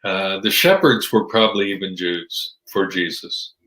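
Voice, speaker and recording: A man's voice: deep voice, a little slow, sharp tone, reverberant, low-quality recording. A man with a Midwestern American accent, a ministry guest chatting in an interview with dry, joking wit. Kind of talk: casual interview chat.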